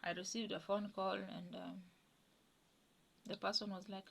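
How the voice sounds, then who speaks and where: A woman telling a personal story in a casual, chatty way, acting out other people's lines in a higher voice. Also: moderate pace, gravelly, husky. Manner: acts out others' lines in a raised pitch.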